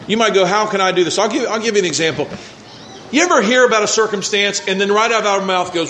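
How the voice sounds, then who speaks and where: A man's voice: sits high, expressive, quick pace, pushed and bright, slight background noise. A male pastor preaching a conversational sermon, acting out mock voices as he talks.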